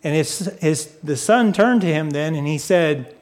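A man preaching a sermon, speaking deliberately and putting questions to his listeners. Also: on the high side, expressive. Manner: asks the audience questions; unhurried, deliberate. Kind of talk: sermon teaching.

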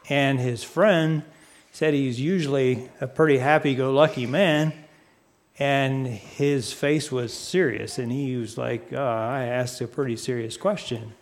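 A man preaching a sermon, speaking deliberately and putting questions to his listeners. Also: mid-range voice. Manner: asks the audience questions; unhurried, deliberate. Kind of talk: sermon teaching.

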